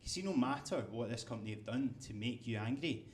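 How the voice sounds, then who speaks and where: A man's voice: mid-range voice, lively intonation, fast, darkish tone, a little hiss or hum. A man performing stand-up on a comedy club stage, telling a story conversationally with asides.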